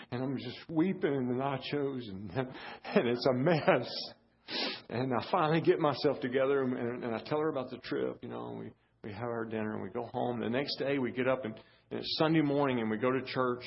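Guest pastor, middle-aged man, halting then fervent, slightly breathy, muffled recording. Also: mid-range voice. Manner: halting, repeats words, rises to fervent preaching. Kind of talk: storytelling sermon. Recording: dull lo-fi sermon audio.

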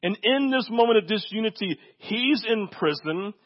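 A man's voice: high-pitched, expressive, moderate pace, dull audio. A man preaching a sermon in a conversational way, often checking in with his listeners. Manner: conversational preaching, frequent "right?" asides. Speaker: pastor.

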